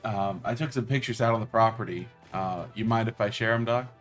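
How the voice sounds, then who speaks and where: Male guest, lowish voice, rambling and filler-heavy casual talk. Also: brisk, fairly bright tone, faint music behind. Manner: rambling, describes things at length with many fillers. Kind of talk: casual livestream chat.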